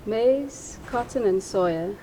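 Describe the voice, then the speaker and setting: A woman's voice: mid-range voice, expressive, takes it slowly, dark tone, slight background noise, rough recording. A woman from South Africa, a guest expert, answering interview questions in a confident, direct way.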